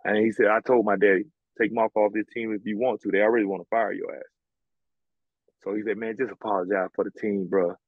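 Blunt profane ex-player, husky. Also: male voice, fairly low pitch, fast talker, dry recording, phone-quality sound. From American South. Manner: blunt, profane, animated storytelling. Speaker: former college basketball player, guest. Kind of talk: casual storytelling interview.

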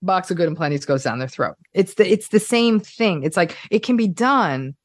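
A woman clinical psychologist talking casually on a podcast, animated and playful, acting out everyday examples. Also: fairly low pitch, moderate pace, no room sound, clean studio sound.

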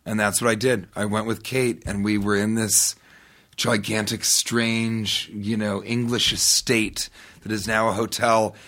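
Rambling, lower-voiced man telling stories. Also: little pitch movement, a little slow, fairly bright tone. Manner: rambling, with frequent restarts and asides. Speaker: guest. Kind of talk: casual anecdotal storytelling.

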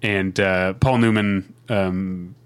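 A man's voice: low voice, steady tone, takes it slowly, smooth. Rambling Midwestern man, forties. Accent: Midwestern American. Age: 40s. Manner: rambling, self-interrupting, laughs easily. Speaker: podcast co-host. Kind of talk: casual podcast chat.

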